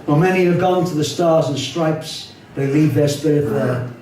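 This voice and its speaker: Older Scouse poet in an echoey hall. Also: male voice, on the high side, normal speed, warm tone, recorded from a distance, a little hiss or hum. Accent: Liverpool. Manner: rhythmic, wry delivery with spoken asides. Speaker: poet performing his own work. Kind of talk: live rhyming poetry recital.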